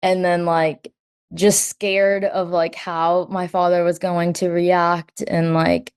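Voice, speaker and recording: Young adult woman, low-ish pitch, chatty with constant "like", re-enacts quotes. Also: slow pace, clear, resonant tone. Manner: says "like" constantly, quotes herself and others in lively bursts. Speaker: guest. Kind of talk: personal story in an interview.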